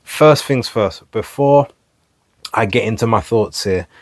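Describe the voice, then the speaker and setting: A man's voice: lowish voice, measured pace, no echo. A man giving his casual, rambling thoughts on boxing to camera, often stumbling and correcting himself over names. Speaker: boxing vlog host. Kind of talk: casual solo commentary to camera. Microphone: camera mic.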